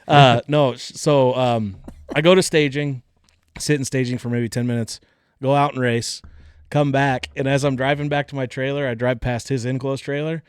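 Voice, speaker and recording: A man in a middle-pitched voice tells wild stories as a podcast guest, animated and cocky, with plenty of swearing. The sound is dry and close. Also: moderate pace, clear, resonant tone, no room sound. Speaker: guest, race car driver. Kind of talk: casual storytelling.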